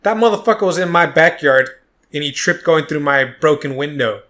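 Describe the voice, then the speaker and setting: Blunt, indignant man with a bright voice. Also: a little high, lively intonation, normal speed. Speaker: podcast co-host. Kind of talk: casual podcast chat.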